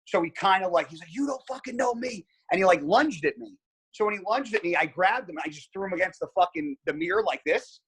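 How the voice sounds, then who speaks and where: A pro bodybuilder appearing as a podcast guest tells a story in a slightly high, husky voice, speaking fast. His delivery is animated and casual, with a forceful, tense edge, and he swears constantly.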